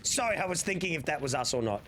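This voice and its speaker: A man's voice: on the high side, quick pace. A young Australian man chatting casually to his stream chat, rambling and swearing freely. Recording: steady background noise.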